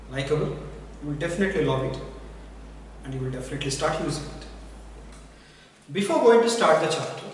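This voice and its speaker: A man's voice: a little high, far from the mic, a little hiss or hum. Male teacher in an echoey room. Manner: repeats key words and examples slowly. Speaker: English teacher. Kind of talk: spoken English lesson.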